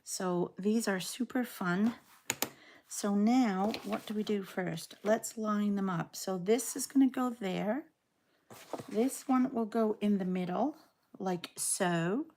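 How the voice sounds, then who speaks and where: A woman in her sixties with a Canadian accent chats at an unhurried pace, rambling and poking fun at herself. Her talk is easygoing and casual, with a faint noise underneath. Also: mid-range voice, darkish tone. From England. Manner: chatty, rambling, self-deprecating. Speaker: quilting vlogger. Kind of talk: casual sew-along chat.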